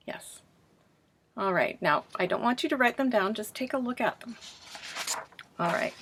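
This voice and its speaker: A woman's voice: medium pitch, fairly bright tone, slight background noise. A woman teaching a pronunciation lesson in a staged classroom, asking questions and answering them herself as if students replied. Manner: clear, deliberate teacher delivery.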